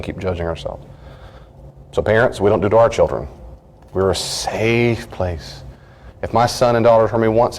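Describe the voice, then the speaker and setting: A middle-aged pastor with a very low voice teaches in a relaxed, conversational way. He tells earnest stories and briefly acts out what other people said. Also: a little hiss or hum. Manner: earnest storytelling, acts out short quoted lines.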